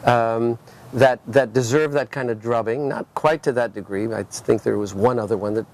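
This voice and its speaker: A man's voice: medium pitch, normal speed, a little mellow. A man who works as an art dealer, chatting casually in a restaurant, often restarting and repeating words as he tells anecdotes. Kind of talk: casual conversation, telling anecdotes.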